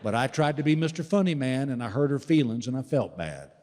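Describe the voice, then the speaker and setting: An older man doing folksy, animated stand-up storytelling, acting out the voices of the people in his stories. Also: medium pitch, brisk. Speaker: stand-up comedian. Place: large live venue with audience laughter. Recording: live stage recording with hall reverb.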